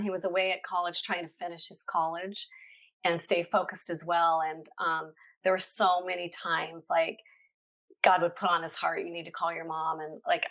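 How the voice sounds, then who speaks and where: An earnest middle-aged woman with a fairly low voice tells her story as a podcast guest. She speaks heartfelt and unpolished, pausing often to find her words. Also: fairly bright tone. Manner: earnest, heartfelt, many hesitations. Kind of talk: conversational faith testimony.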